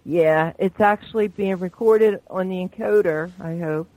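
A woman's voice: lowish voice, unhurried, dark tone, no room sound, poor audio. Chatty woman hosting internet radio. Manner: chatty, gushing, laughs often. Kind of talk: live talk radio.

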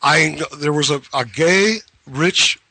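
A man's voice: a little high, slow pace, bright, forceful tone, no echo, low-quality recording. A man hosting a casual talk radio show, telling rambling stories and laughing often.

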